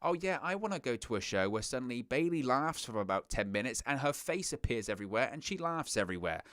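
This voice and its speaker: Guy ranting sarcastically on his reaction vlog, clear voice, mid pitch. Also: sing-song, quick pace, a bit bright, no room sound, clean studio sound. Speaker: wrestling reaction show host. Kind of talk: casual reaction commentary.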